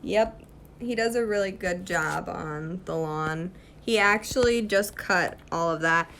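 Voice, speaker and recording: A woman's voice: on the low side, unhurried, a bit bright, a little hiss or hum. A woman with a British accent chatting casually on a livestream at home, answering viewers' comments while she works on a craft. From Chile. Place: at home, partly in a yard.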